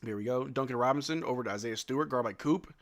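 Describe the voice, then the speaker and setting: A man hosting a casual live watch-along, calling plays excitedly at home and tossing in joking asides with lots of "bro.". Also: mid-range voice, fast talker. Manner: excitable play-by-play mixed with joking asides, says "bro" often. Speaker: live stream host.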